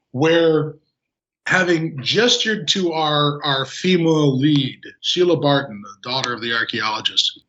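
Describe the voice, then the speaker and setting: A man talking as a podcast guest, retelling a film with animated sarcasm. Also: on the high side. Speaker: podcast guest, game designer. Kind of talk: casual film discussion. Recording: dull lo-fi audio.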